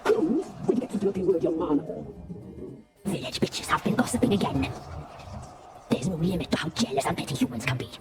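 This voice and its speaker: A woman's voice: lowish voice, sing-song, a little fast, pauses often, music in the background. Creepy flirty witch from a game, whispery and sneering, voice swings all over. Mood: mocking. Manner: taunting, teasing, half-whispered. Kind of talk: video game voice acting.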